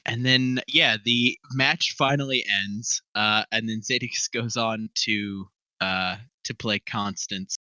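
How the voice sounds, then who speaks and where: A man's voice: fairly low pitch, fairly even intonation, slow, few pauses, sharp tone, no echo, low-quality recording. A man narrating a tabletop game as game master, rambling with lots of fillers and laughing often.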